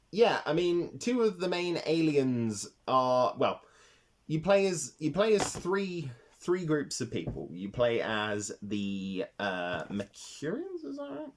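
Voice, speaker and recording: A man's voice: on the low side, slight background noise. A man hosting a casual retro game review vlog, talking with rambling enthusiasm and swearing freely.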